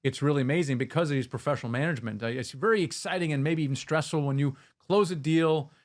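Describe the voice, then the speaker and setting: A man hosting an interview, energetic and explaining at length in a conversational way. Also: a little high, fast. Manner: energetic, talks in long run-on explanations with restarts. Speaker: podcast host interviewing an investor.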